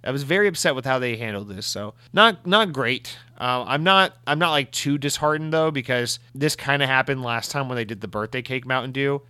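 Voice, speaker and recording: Here a show host with a medium-pitched voice talks fairly quickly, barely pausing, in a clean tone without echo. Reading listener mail, he gets exasperated and profane, ranting casually and breaking into mock voices.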